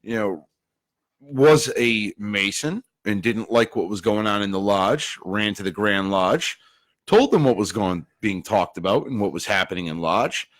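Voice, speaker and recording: A man co-hosting a casual podcast chat, animated and quick to laugh. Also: on the low side. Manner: animated, laughing, does comic put-on voices. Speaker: podcast co-host.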